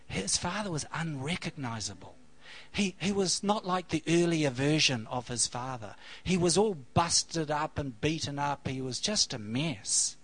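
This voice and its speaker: The sermon comes from a man whose animated voice runs on the high side, at a measured pace, over poor audio. He's a pastor spinning a rambling story with plenty of fillers, and he eases into a hush as he finishes.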